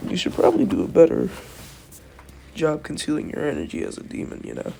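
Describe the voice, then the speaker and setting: A man's voice: fairly high pitch, huge pitch swings, a little fast, gravelly, noisy background, exaggerated voice. A man voicing a confident young male student who is secretly a dragon, in a casual, matter-of-fact way.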